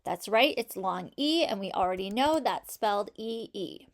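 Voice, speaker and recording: A woman's voice: medium pitch, expressive, normal speed. A woman teaching a phonics lesson to children, patiently sounding out each sound in a word and praising answers.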